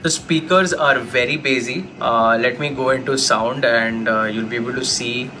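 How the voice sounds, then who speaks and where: A man's voice: mid-range voice, normal speed, bright, forceful tone, faint music behind. A man giving a casual laptop review and talking straight to his viewers. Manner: chatty, talks straight to viewers. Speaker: tech YouTuber.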